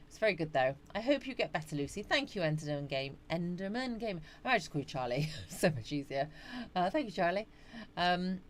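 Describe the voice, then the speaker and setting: Chatty woman, middle-aged, lowish voice, livestream host reading out comments, faint background hiss. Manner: chatty, greets viewers by name, frequent yawns and laughs. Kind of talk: casual live chat reading out viewer comments.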